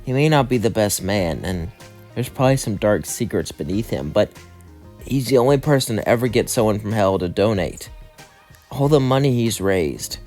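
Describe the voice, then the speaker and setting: A man's voice: fairly low pitch, expressive, moderate pace, darkish tone, soft background music, close to an everyday voice. A man voicing a kind, hopeful young woman who runs a hotel, in a cartoon fan story, earnest in tone.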